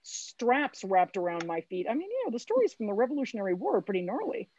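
A woman's voice: fairly high pitch, very animated, quick pace, a little mellow, slightly rough. A middle-aged woman, a community organizer, talking earnestly and encouragingly as she gives phone bank training over a video call. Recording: slightly dull lo-fi sound.

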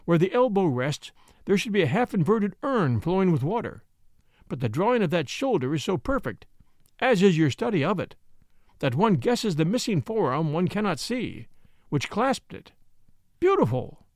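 A man's voice: high voice, sing-song, no echo, clean studio sound. A man reading a grave old art professor. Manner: grave, measured, fervent. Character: grave, kindly older male art professor. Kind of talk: audiobook character voice.

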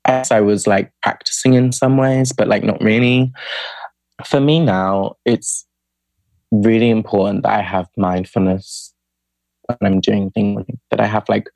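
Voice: mid-range voice, fairly even intonation, unhurried, creaky, a little mellow, dry recording. Young adult chatty podcast guest. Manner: chatty, fills speech with "like", acts out quoted friends. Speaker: podcast guest, spoken word poet. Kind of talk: casual storytelling interview.

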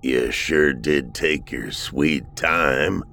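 A man voicing a weathered, cryptic old man who speaks in a slow rural drawl. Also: extremely low pitch, creaky, pushed and bright, pitched below the performer's own voice, heavily acted.

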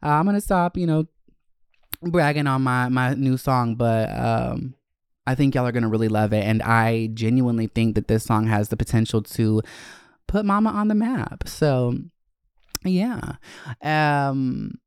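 A man hosting his own podcast in a camp, chatty solo talk, gushing about himself with sudden swoops up in pitch. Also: a little slow, clean tone, no echo, studio quality. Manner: gushing and self-hyping. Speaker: podcast host. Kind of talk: casual solo podcast chat.

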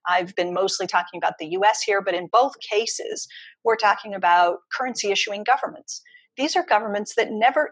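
A woman guest on an economics interview, laying out her case in an emphatic, explanatory way. Her voice sits at a middle pitch with a slightly husky edge. She repeats her key points with conviction. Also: no room sound, poor audio. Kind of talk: interview answers.

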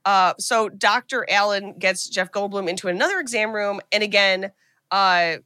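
A woman podcast co-host recapping a movie in a casual, profane, animated storytelling way. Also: mid-range voice, normal speed, clear, resonant tone, no room sound.

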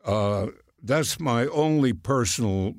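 A man in his nineties, a guest in casual chat, telling stories slowly and haltingly. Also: mid-range voice, lively intonation, no echo, clean studio sound. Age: 90s. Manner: slow, halting storyteller. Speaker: guest, cartoonist.

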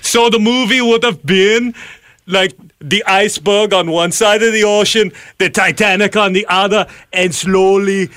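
Brief: male radio host, slightly high voice, playful and jokey. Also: steady tone, a little slow, a bit bright, smooth, no echo, studio quality. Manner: jokey, laughs often. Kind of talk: playful game-show banter.

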